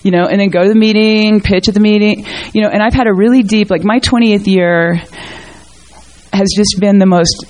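Speaking at a moderate pace with fairly even intonation, a middle-aged woman shares her story at a recovery meeting in a medium-pitched, slightly mellow voice. Her testimony is candid, earnest and emotional, with mild swearing, and she rambles through many fillers and restarts.

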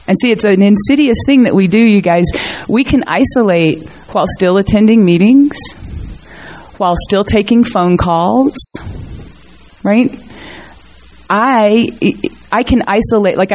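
A woman's voice: medium pitch, a little mellow. A middle-aged woman giving a candid, earnest personal testimony at a recovery meeting, rambling with many fillers and restarts. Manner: earnest and emotional, mild swearing.

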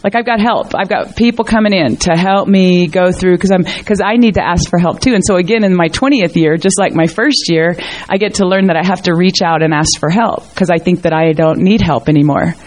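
A woman's voice: on the low side, fairly quick, hardly any pauses, darkish tone. Middle-aged woman telling her recovery story, rambly, lots of um and like, earnest, bit of swearing. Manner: candid and rambling, many fillers and restarts; earnest and emotional, mild swearing. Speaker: speaker at a recovery meeting. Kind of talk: personal recovery testimony.

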